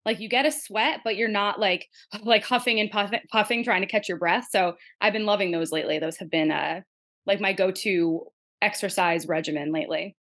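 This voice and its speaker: Woman, New Jersey accent, podcast guest, nurse practitioner, friendly, casual, mid pitch. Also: normal speed, a bit bright. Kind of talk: podcast interview.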